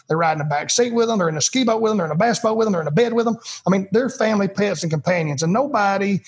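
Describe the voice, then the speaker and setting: A man's voice: high-pitched, husky. A man who trains hunting retrievers, guesting on a podcast and talking in a folksy, emphatic way that repeats words for stress. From United States. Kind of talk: casual interview talk.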